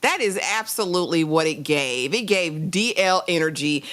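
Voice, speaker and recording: A woman's voice: lowish voice, animated, moderate pace, fairly bright tone. A woman co-hosting a casual TV recap chat, incredulous and laughing as she quotes characters. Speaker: podcast co-host.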